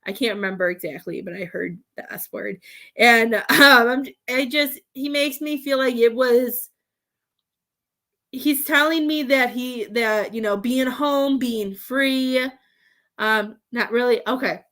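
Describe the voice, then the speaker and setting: A woman psychic medium gives a live reading in a slightly high voice. She rambles and doubles back on herself, often restarting mid-sentence. She addresses sitters with affectionate pet names. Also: a bit bright. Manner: halting, rambling, frequent restarts.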